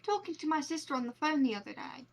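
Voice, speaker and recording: A woman reading aloud the lines of a frightened, tired young woman accused of murder, soft and hesitant. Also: expressive, fast talker. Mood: weary. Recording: noisy low-quality mic.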